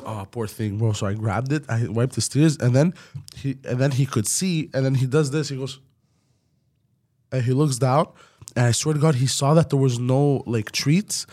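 A man co-hosting a podcast, telling stories animatedly while getting over a sore voice. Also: medium pitch. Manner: animated storyteller, says bro. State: recovering from a sore voice. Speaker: podcast co-host. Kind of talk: casual chat.

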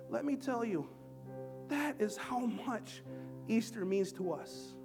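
High-pitched man preaching with emphatic repetition. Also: expressive, takes it slowly, vocal fry, music in the background. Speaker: pastor. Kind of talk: sermon. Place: church service.

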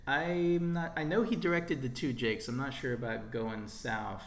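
A man's voice: mid-range voice, steady tone, normal speed. A man co-hosting a casual film podcast, explaining old film history in an easy, informative way. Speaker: podcast co-host. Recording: roomy echo.

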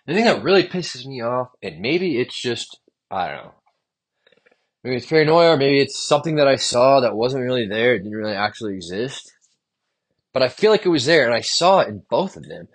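A man's voice: mid-range voice, sing-song, brisk. Frustrated, profane young man venting solo. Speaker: podcast host. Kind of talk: solo stream-of-consciousness podcast monologue.

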